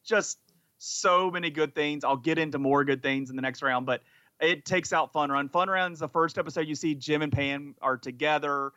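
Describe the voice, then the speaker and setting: Bright-voiced man chatting enthusiastically. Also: fairly high pitch, fairly even intonation, moderate pace, clean tone, dry recording, highs cut off. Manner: enthusiastic, rambling with restarts. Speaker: podcast co-host. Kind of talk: casual chat.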